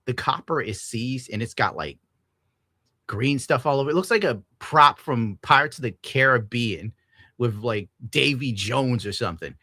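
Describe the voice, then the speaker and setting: Profane ranting young man, bright and dry. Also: mid-range voice, moderate pace, no echo. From United States. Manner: profane, animated, ranting, laughs often. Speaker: streamer reading donations. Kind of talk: casual rant to chat.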